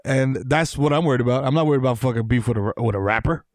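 A man's voice: mid-range voice, racing, dry recording, clean studio sound. A man with a New York accent, co-hosting a podcast in slangy, profane banter with lots of laughing. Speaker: podcast co-host. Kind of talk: casual chat.

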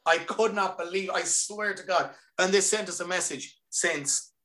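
A man with an Irish accent, a singer chatting as a podcast guest and telling stories with quick asides. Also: high voice, sharp tone. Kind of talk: casual chat.

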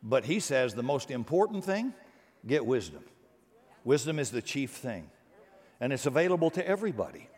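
A man preaching a sermon, animated and conversational, acting out voices and joking with the congregation. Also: medium pitch, moderate pace, breathy edge, long reverb tail. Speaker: pastor.

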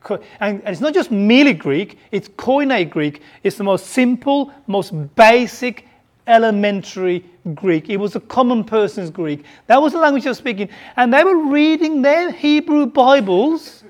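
A preacher from Birmingham, England, with a softened Birmingham accent, delivering a sermon and putting questions to the congregation, often repeating words while thinking. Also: medium pitch, animated, moderate pace. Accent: softened Birmingham English.

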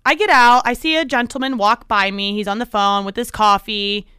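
High bright young woman storyteller. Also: moderate pace, clean tone, dry recording, clean studio sound. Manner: animated storyteller acting out quotes. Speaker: podcast co-host. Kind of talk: casual chat storytelling.

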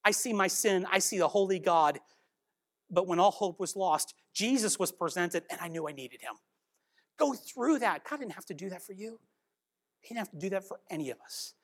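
A woman's voice: lowish voice, expressive, normal speed. A woman giving an earnest devotional Bible teaching, exhorting and questioning her listeners.

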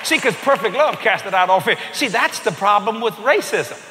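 A man preaching a comedic sermon, exuberant and shouting, laughing as he acts out little scenes. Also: sits high, expressive, normal speed, slight background noise. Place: large church auditorium. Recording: echoey church hall, live crowd.

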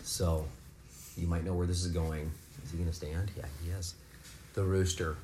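Deep-voiced dad doing a bible lesson with the kids, chatty, slight background hiss. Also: male voice, flat delivery, normal speed. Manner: rises to loud, fervent preaching, then talks softly and warmly with kids. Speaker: father leading a family devotion. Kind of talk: preaching to children at home.

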